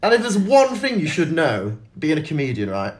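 A man with a fairly high, very lively voice tells stories in a loose, casual chat. He swears freely and jumps into other people's voices as he goes. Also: normal speed. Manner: animated storyteller, swears freely, acts out voices.

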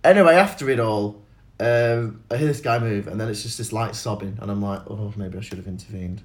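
A man telling stories in a casual chat, animated, swearing freely and acting out other people's voices. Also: on the low side, fairly quick.

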